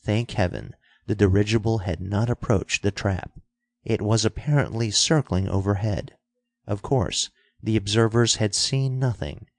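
A man reading an adventure story aloud as a narrator, in a steady, measured way. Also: lowish voice. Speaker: audiobook narrator. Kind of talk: scripted narration.

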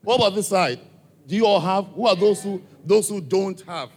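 A man's voice: high-pitched, moderate pace, darkish tone. A man with an African accent addressing a church gathering, questioning listeners directly in a coaxing way. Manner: coaxing, direct, asks the audience many questions.

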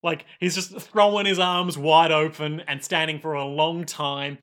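A man with a bright, slightly high voice talks through an anime episode with a co-host. He rambles with quick jokes and asides, in an easy chatty way. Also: steady tone, clear, resonant tone. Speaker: podcast co-host. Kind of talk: casual chat recapping an anime.

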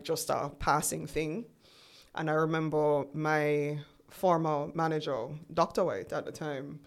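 Woman in her 40s, guest on a chat show, lowish voice, storytelling and playing out old convos. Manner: chatty, acts out remembered dialogue. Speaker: guest entrepreneur. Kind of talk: casual interview storytelling.

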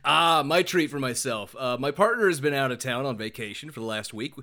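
This podcast co-host has a mid-range voice with a sharp tone and a brisk delivery. He chats casually, laughs a lot, and swears freely.

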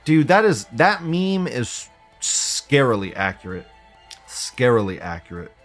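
A man's voice: medium pitch, very animated, a little slow, soft background music. A man hosting a live stream, ranting casually in a profane, sardonic way and laughing often. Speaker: live-stream host reading viewer comments.

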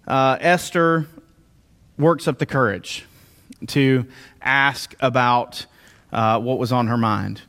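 Male pastor, slightly high voice, conversational sermon with asides. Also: slow pace, clear, resonant tone. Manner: conversational, animated retelling with asides.

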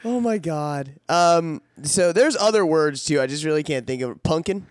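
A man's voice: a little high, expressive, normal speed, clear, resonant tone, no echo, studio quality. A man co-hosting a podcast, chatting casually with profanity, rambling and laughing. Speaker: podcast co-host.

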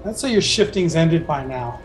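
High-voiced man running a tabletop game. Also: normal speed, faint music behind. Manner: relaxed and explanatory, with self-corrections. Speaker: game master.

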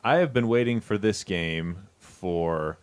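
A man's voice: low voice, lively intonation, slow pace, smooth. A man hosting a casual group podcast, running through the week's games with enthusiasm. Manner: upbeat, enthusiastic. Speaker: podcast host running the game news.

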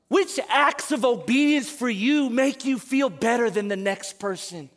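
High-pitched guy preaching in church, gets loud then drops way quiet, really animated. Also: a little slow, few pauses. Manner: animated, swings from loud emphatic calls to quiet asides. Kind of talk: sermon. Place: church service in front of a congregation.

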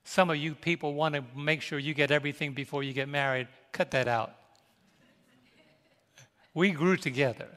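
A man's voice: a little high, fairly even intonation, normal speed, pauses often, a bit bright. An older man from New York, a pastor telling a personal, emotional story in a sermon and calling out to his congregation. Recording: reverberant large hall.

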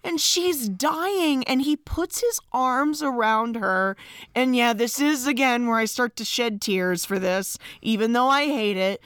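A woman co-hosting a casual podcast, recapping a musical with animated storytelling and frequent laughs. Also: a little high, a little slow, dry recording, clean studio sound. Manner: animated, laughs often, acts out lines. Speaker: podcast co-host.

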